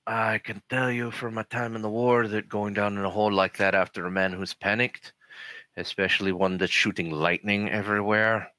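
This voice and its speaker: A man voicing a calm, matter-of-fact investigator and war veteran in a tabletop game. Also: lowish voice, normal speed, dry recording. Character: steady adult male investigator, war veteran.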